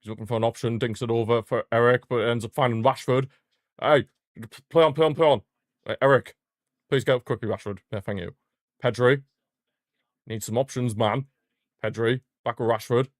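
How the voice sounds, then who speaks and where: A young male fan commenting live on a football match for his stream, mid-pitched and chatty. He banters about the referee and rivals, then erupts into shouts at big moments. The sound is dry with no room echo. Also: moderate pace, long pauses. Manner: excitable fan, bursts into shouting at goals.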